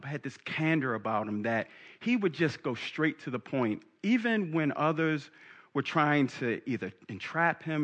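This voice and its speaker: A man's voice: on the high side, a bit bright. A man preaching a sermon in a humorous, conversational way, laughing at his own jokes.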